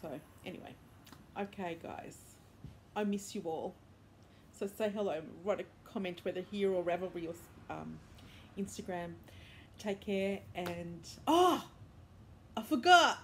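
A woman's voice: lowish voice, steady tone, measured pace, pauses often, mellow, a little hiss or hum. A woman hosting a knitting podcast, chatting casually and rambling with many fillers and restarts. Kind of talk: casual chat. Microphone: iPad.

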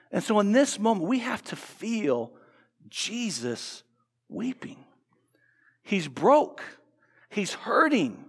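A man's voice: a little high, long reverb tail. An American man preaching a sermon, earnest, asking rhetorical questions and restarting phrases as he goes. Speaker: pastor. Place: church sanctuary.

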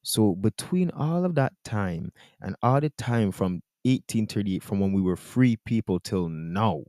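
A man's voice: on the low side, expressive, a little slow, a little mellow, no echo, studio quality. A man from Jamaica with a Jamaican accent, earnestly explaining and defending his point to camera in casual talk. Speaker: video commentator.

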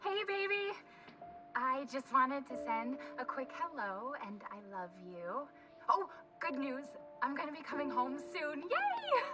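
A bubbly young wife in a horror game, her voice high and lively. She sounds a bit far from the mic, and game music plays loudly behind her. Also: full character voice. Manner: affectionate, bubbly. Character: loving young wife sending video messages. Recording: distant voice over game music.

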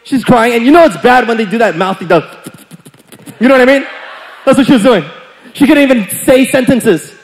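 A young man preaching a sermon as pastor, telling a playful story and acting out quotes with big jumps in pitch and loudness. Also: expressive, a little fast, creaky, pauses often. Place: church sanctuary. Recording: church hall with long reverb.

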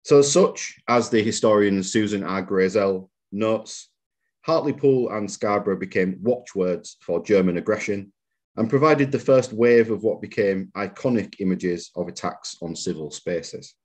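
A man giving a public history lecture as a museum lecturer, measured and reading out quotations with occasional fillers. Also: lowish voice, darkish tone. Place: lecture room.

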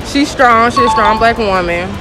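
A woman answering a street interview outdoors at a mall, relaxed and thoughtful. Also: on the high side, normal speed, rough recording. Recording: loud music and crowd behind.

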